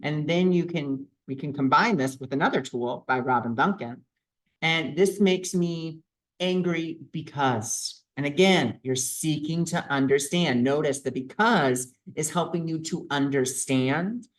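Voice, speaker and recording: A man vlogging a reflective self-help talk, earnest and repetitive as he works through his feelings out loud. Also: on the high side, unhurried, rough recording.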